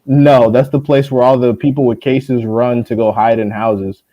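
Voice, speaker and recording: A young man hosting a boxing live stream, ranting at a viewer in a profane, mocking way and mimicking people in high voices. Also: flat delivery, normal speed, highs cut off. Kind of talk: heated casual live-stream rant.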